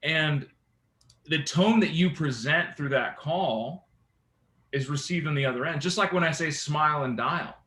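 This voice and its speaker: Bright-voiced male sales trainer in an echoey room. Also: a little high, unhurried. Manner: animated, engaging, asks the room often. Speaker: real estate sales trainer. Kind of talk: sales training talk to a team.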